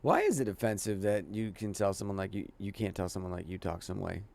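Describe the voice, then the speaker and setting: A man's voice: deep voice, lively intonation, fast talker, vocal fry, darkish tone. A man from the southern United States giving rambling, casual reaction commentary as a streamer, swearing offhandedly.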